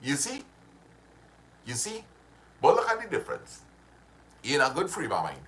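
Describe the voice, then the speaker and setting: A man with a slightly high voice and a moderate pace hosts a casual motivational live stream. He's animated and repetitive, often breaking off to greet his viewers.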